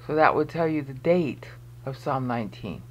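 The voice is medium-pitched, with lively intonation and normal speed, belonging to a video presenter explaining research. They narrate a screen-recorded walkthrough, searching on screen while thinking aloud and making pointed, emphatic comments.

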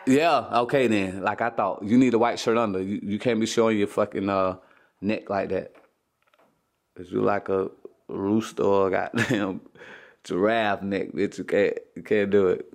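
A man's voice: on the low side, fairly even intonation, moderate pace, gravelly. A man, a father hosting a casual family vlog at home, ribbing his kids with profane jokes and frequent laughs. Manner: teasing, profane, joking banter.

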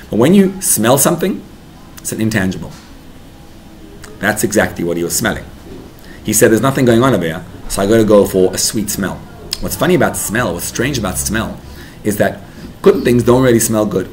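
A man's voice: lowish voice, slight background noise. A man giving a Torah class to parents as a rabbi, talking animatedly and building to emphatic bursts.

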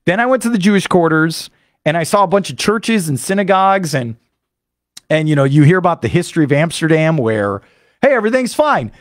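A man hosting a sports radio show, telling a rambling, excitable story full of fillers into a studio microphone. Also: on the high side, a little fast, no room sound. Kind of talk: animated monologue recapping a trip.

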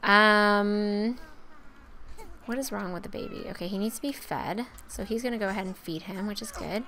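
A woman's voice: medium pitch, moderate pace, sharp tone. A young woman giving casual, chatty gameplay commentary as a let's play host, talking to her game characters.

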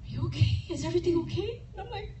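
A woman with a high voice shares a testimony in front of a retreat audience, acting out dialogue and moving between laughter and tears. She is heard from a distance in an echoey hall, with clear background noise. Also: very fast. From Chicago. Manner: animated storytelling, laughing and tearful, acting out dialogue. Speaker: speaker at a women's retreat. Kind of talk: testimony sermon. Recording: echoey room from far off with noise.

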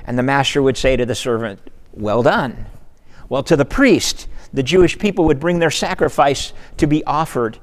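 A man's voice: mid-range voice, a little fast, hardly any pauses, in a large hall. A man preaching a sermon in earnest, repeating words and building to emphatic peaks. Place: church sanctuary.

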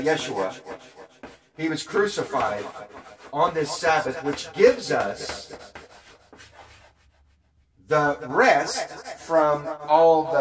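A man preaching in a blunt, profane, combative rant, hammering home his points with repetition. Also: medium pitch. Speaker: religious teacher.

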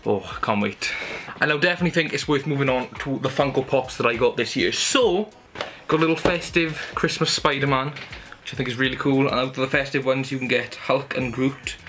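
Young guy, eager and rambling, mid-pitched voice, music bed underneath. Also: a little fast, hardly any pauses. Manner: chatty, enthusiastic, rambling. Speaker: YouTuber showing Christmas gifts. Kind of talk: casual haul video. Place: at home in his room. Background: music playing.

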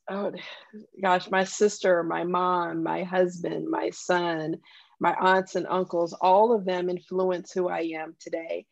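A woman's voice: lowish voice, creaky, a little mellow, no room sound, highs cut off. A woman with a Southern accent, a guest telling personal stories in an earnest, heartfelt way. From Southern US countryside. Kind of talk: conversational interview.

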